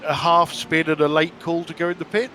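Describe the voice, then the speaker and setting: A man's voice: a little high, flat delivery, brisk, pushed and bright, slight background noise. A man doing live sim race commentary, observant and reporting what he spots on track. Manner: observant, spotting and reporting cars.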